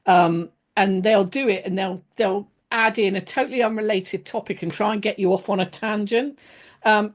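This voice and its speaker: A woman teaching a casual lesson on leadership, chatty, with many fillers and restarts, acting out sample phrases in a gentler voice. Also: medium pitch. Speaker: leadership trainer.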